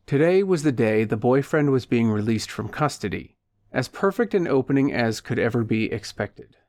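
Male narrator with a steady, dry read. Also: medium pitch, moderate pace, no room sound. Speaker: audiobook narrator. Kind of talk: scripted narration.

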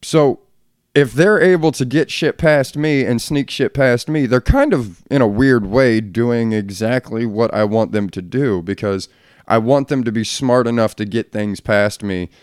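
A man's voice: mid-range voice, a little slow, a little mellow, clear, resonant tone, no echo, studio quality. A middle-aged man hosting a solo podcast from a room at home, talking bluntly and ranting with plenty of swearing. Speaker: podcast host. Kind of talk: casual solo podcast rant.

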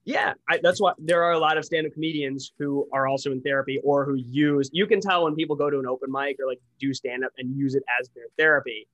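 A man's voice: mid-range voice, steady tone, quick pace, few pauses, a bit bright, highs cut off. A man co-hosting a podcast in casual chat, ranting bluntly and swearing freely. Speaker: podcast co-host.

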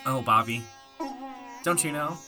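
A woman putting on a low, coaxing cult leader. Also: unhurried, bright, forceful tone, soft background music, exaggerated voice. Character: smooth, sinister cult leader of a woodland commune.

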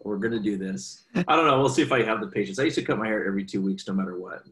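A man in his forties speaks in a fairly low voice, earnest and animated as he tells stories about his family and work. The recording sounds roomy, with noticeable echo around him. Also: racing. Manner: earnest, animated storyteller, quotes his kids. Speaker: guest speaker. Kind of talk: conversational storytelling. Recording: echoey room.

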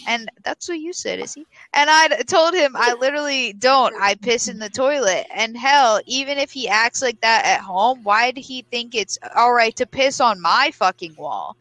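A woman's voice: a little high, expressive, normal speed, hardly any pauses, pushed and bright, no room sound, low-quality recording. A young woman co-hosting a podcast, reading a post aloud in casual chat, blunt and swearing freely. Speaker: podcast co-host.

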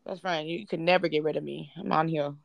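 A woman's voice: low voice, steady tone, fast talker, creaky, highs cut off, a little hiss or hum. A young woman, co-hosting a casual podcast chat, blunt and playful. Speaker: podcast co-host.

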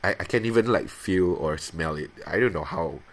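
A man in his thirties hosting a podcast, casually confessing in a halting, rambling way with many restarts, jumping into high playful voices when imitating himself. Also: lively intonation. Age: 30s. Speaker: podcast host.

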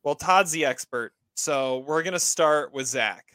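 A man hosting a laid-back movie podcast, his voice bright and forward, a touch higher than most men. The sound is dry and close. He stumbles and repeats words as he reads out the trivia. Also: clean tone, no echo. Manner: halting, repeats words while talking. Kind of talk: casual podcast chat.

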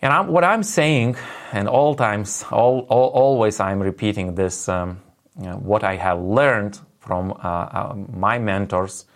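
A man with a Lithuanian accent hosting a livestreamed business meeting, speaking haltingly with many fillers and restarts. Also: medium pitch. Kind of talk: livestream pep talk.

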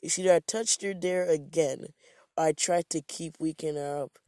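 A man's voice: a little high, steady tone, normal speed, a little mellow, no room sound, clean studio sound. A man from Jamaica telling a rambling, profane, self-mocking story in a casual monologue.

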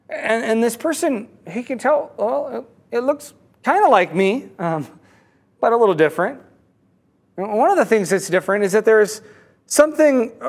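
A man with a notably high voice tells a parable in a sermon. He talks haltingly, often doubling words and restarting his sentences as he goes. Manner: halting, frequent word repeats and restarts. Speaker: speaker telling a fable.

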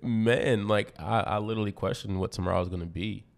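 A man co-hosting a casual faith podcast with a stuffy nose, talking in an animated way and laughing often. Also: fairly quick, vocal fry. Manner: animated, laughs often, rises in pitch when excited. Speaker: podcast co-host.

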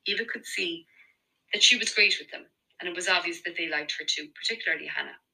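A woman with an Irish accent narrating a romance novel in an even storytelling delivery. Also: fairly low pitch, fast, vocal fry, low-quality recording. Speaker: audiobook narrator. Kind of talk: scripted narration.

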